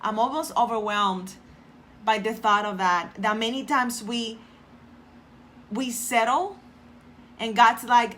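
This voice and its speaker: A woman's voice: fairly high pitch, fairly even intonation, slow pace, long pauses, fairly bright tone. A middle-aged woman talking casually and earnestly to her viewers, repeating phrases for emphasis and often restarting her sentences. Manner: addresses viewers directly, reads out commenters' names. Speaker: motivational vlogger. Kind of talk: casual motivational talk to viewers.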